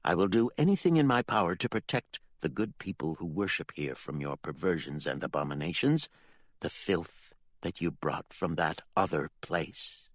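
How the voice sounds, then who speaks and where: A man's voice: deep voice, lively intonation, moderate pace, no echo, studio quality. A man reading an audiobook voices a vicious, hypocritical middle-aged preacher father, his voice thick with rage, cold and menacing. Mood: cold, stern. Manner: cold and menacing, bursts into shouting. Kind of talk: audiobook character voice.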